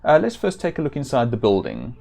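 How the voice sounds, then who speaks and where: Man, game streamer, casual commentary, self-deprecating asides, mid-pitched voice. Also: wildly swooping pitch, fairly quick, vocal fry, mellow, faint music behind.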